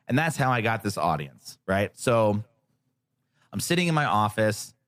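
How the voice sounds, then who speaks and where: A man as a podcast guest, telling a story in casual chat, animated, sarcastic and freely profane. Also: fairly low pitch, normal speed, no room sound.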